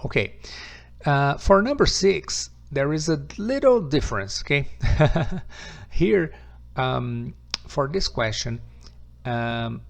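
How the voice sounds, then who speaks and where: A male English teacher with a heavily gravelly, creaky voice, talking through grammar points patiently. His first language is Portuguese, and he slows down to repeat example sentences for his students. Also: medium pitch. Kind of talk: online English grammar lesson.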